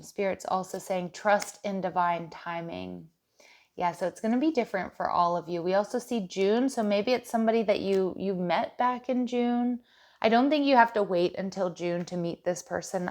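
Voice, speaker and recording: A woman giving a casual tarot love reading, talking straight to her viewers with many restarts and fillers. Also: mid-range voice. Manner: chatty, stumbling restarts, warm direct address. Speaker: tarot reader.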